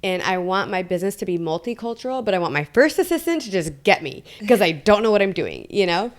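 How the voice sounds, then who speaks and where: A woman's voice: mid-range voice, very animated, quick pace. A woman from Detroit hosting a podcast, telling a personal story in casual conversation and quoting her own inner dialogue with animation. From Detroit, USA. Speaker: podcast host.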